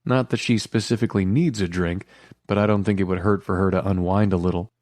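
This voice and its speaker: A man narrating a first-person romance audiobook in a quiet, intimate and measured way. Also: low voice, fairly even intonation, dry recording.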